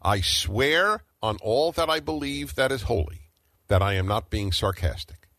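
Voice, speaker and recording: A man's voice: mid-range voice, expressive, unhurried, fairly bright tone, no room sound. A middle-aged man hosting a talk radio show, arguing emphatically and firing off rhetorical questions.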